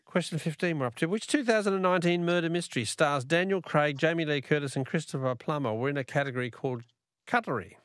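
A man's voice: a little high, fast talker, fairly bright tone, no echo, clean studio sound. An Australian man hosting a talkback radio quiz, chatty and laughing often.

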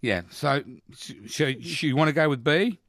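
A man hosting a radio quiz show, chatty and animated, laughing often. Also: fairly high pitch, moderate pace, no room sound, studio quality. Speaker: radio host. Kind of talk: casual radio quiz chat.

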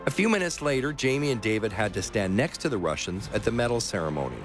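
A man hosting and narrating a radio sports documentary, telling the story in a measured, expressive way and asking interview questions. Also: on the low side, music in the background. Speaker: host and narrator.

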